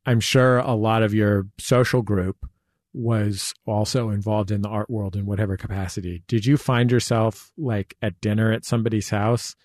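A man hosting a radio interview. He asks long, winding questions in a relaxed way and slips in wry jokes. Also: fairly low pitch, moderate pace, dry recording, studio quality. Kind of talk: conversational interview. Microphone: studio mic.

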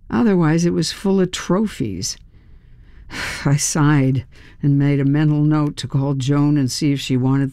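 A woman reading a first-person story as an audiobook narrator, in a measured, steady storytelling manner. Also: low-pitched, dry recording, clean studio sound.

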